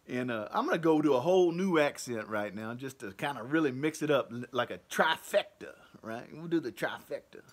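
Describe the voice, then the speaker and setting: A man's voice: medium pitch, lively intonation, normal speed. A man rambling through an improvised, conspiratorial monologue, putting on a half-hearted Italian-American mobster accent and addressing a listener by name again and again. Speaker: amateur self-recorded performer.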